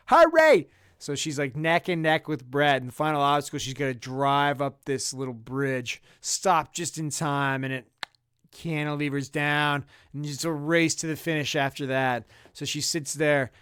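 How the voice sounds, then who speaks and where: A man telling a comedic story on a podcast, profane and animated, with sudden loud bursts. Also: a little high, clean tone, dry recording, clean studio sound. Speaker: podcast co-host.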